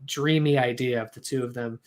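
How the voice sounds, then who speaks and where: A man's voice: mid-range voice, fairly even intonation, brisk. A man co-hosting a podcast, rambling in casual chat, often restarting his sentences. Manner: rambling, self-interrupting, laughs at his own attempts at accents. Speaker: podcast co-host.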